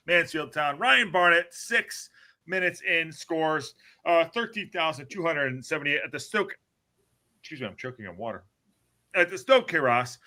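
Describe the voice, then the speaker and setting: A man with a very bright, fairly high voice calls the action like a fan behind the mic. His play-by-play is excitable and joking, with the odd swear word thrown in. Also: normal speed. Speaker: podcast host. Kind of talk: casual match commentary.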